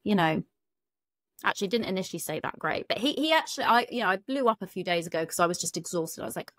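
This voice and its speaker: A British woman, a relationship coach, speaks frankly and chattily on a podcast, swearing casually and using many fillers in a candid conversation. Her mid-range voice has a fairly bright tone, recorded dry with clean studio sound.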